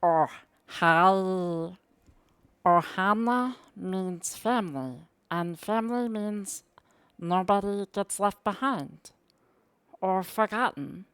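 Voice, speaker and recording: A woman voicing a small alien creature in a slow, drawn-out, strained cartoon voice. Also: medium pitch, smooth, no room sound, pitched above the performer's own voice, lightly acted. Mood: earnest.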